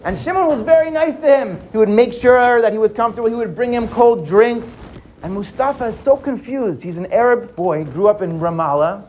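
A storyteller narrating a dramatic tale, lively and dropping low for suspense. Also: brisk, a little hiss or hum. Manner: lively, drops to hushed for suspense.

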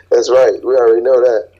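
Deadpan joking man on a phone line. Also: medium pitch, moderate pace. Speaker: guest, the host's cousin. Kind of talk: casual phone chat.

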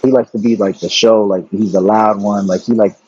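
Man, casual podcast talk, relaxed slang, husky, dry sound. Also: fairly low pitch, a little fast, no echo, lo-fi sound. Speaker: podcast co-host. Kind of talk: casual family chat.

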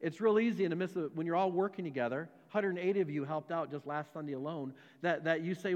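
A man's voice: on the high side, quick pace, hardly any pauses, big-room sound, highs cut off. A man, a pastor, preaching a conversational sermon with many rhetorical questions and repeated words. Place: church sanctuary.

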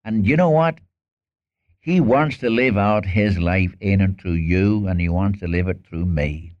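Earnest low-voiced preacher, lo-fi recording. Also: male voice, unhurried. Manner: earnest, acts out Bible dialogue. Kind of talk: sermon. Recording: dull lo-fi sermon recording.

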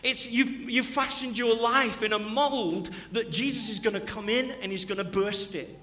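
A man's voice: high voice, normal speed, pushed and bright. A man preaching a sermon in a church, impassioned and repeating key phrases. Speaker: pastor. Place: church sanctuary. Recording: long church hall reverb.

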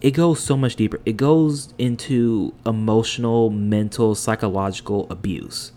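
A man's voice: lowish voice, a little slow, mellow. Blunt, cursing man in his twenties. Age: 20s. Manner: blunt, heavy cursing, heated rants. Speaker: podcast host. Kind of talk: personal monologue.

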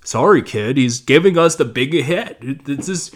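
A man voicing a gruff police chief who brushes off a young man's complaint. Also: medium pitch, animated, a little slow. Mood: dismissive. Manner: dismissive, brusque.

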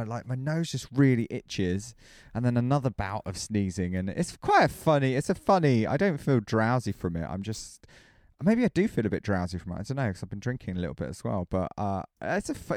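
A man's voice: mid-range voice, a little mellow, no room sound, clean studio sound. Podcast co-host guy, teasing and jokey, voice jumps around a lot. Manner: teasing, banters and jokes with co-host. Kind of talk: casual chat.

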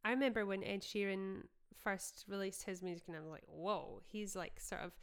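A woman's voice: medium pitch, steady tone, fairly quick, smooth. A young Scottish woman hosting a podcast, chatting and telling stories casually with a Scottish accent. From Scotland. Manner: chatty, storytelling, frequent fillers. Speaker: podcast host and singer-songwriter. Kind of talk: casual reminiscing chat.

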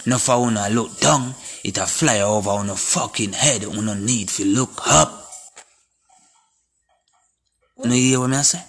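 A man's voice: mid-range voice, moderate pace, long pauses, soft background music. A man with a Jamaican accent giving a confrontational, preachy monologue in patois. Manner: forceful and confrontational. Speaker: vlogger. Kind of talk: impassioned monologue to camera.

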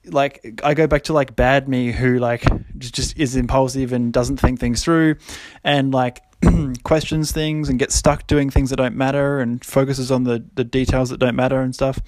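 A man's voice: medium pitch, steady tone, moderate pace, few pauses, a little mellow. A young man hosting a podcast, talking casually with many fillers and frequent laughs. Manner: rambling, lots of fillers, laughs often. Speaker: podcast host.

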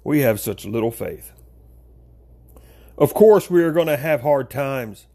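A man preaching an informal sermon, talking straight to his listeners as folks, with big swings in pitch. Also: lively intonation, a little slow, mellow.

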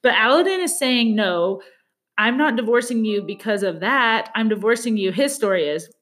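A woman's voice: a little high, animated, a bit bright. A woman co-hosting a podcast, gossiping casually about a reality show and quoting the people in it. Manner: chatty, gossipy, quotes people in quick asides. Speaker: podcast co-host. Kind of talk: casual chat.

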